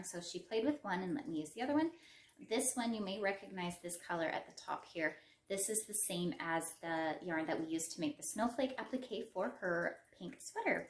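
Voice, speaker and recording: A woman's voice: medium pitch, slight background noise. Chatty Western Canadian woman in a roomy space. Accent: Western Canadian English. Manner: chatty and rambling, self-deprecating asides. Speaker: crochet podcast host. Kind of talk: casual show-and-tell chat. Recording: roomy echo.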